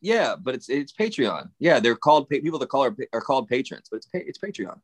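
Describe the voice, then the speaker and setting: A man's voice: medium pitch, lively intonation, quick pace. A man co-hosting a podcast in casual chat, ranting with swearing and laughter. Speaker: podcast co-host.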